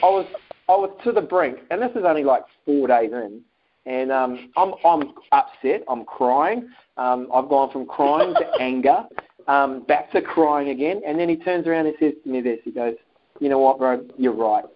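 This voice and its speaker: A man's voice: fairly high pitch, moderate pace, a little hiss or hum. A man telling a personal story in a casual interview, acting out phone calls and what people said. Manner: animated, acts out phone calls and quotes. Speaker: interview guest. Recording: dull lo-fi sound.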